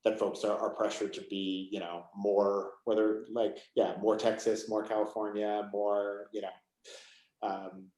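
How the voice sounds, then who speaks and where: A man's voice: fairly low pitch, little pitch movement, a little slow, darkish tone. Rambling man in an echoey room. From Maine. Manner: rambling, full of "you know" and "like". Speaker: author guest. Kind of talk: casual conversation.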